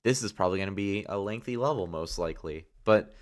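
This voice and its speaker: A man's voice: low voice, fast talker. Laid-back young male streamer. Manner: laid-back and rambling, lots of filler words. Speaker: streamer reviewing community game levels. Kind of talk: casual livestream commentary.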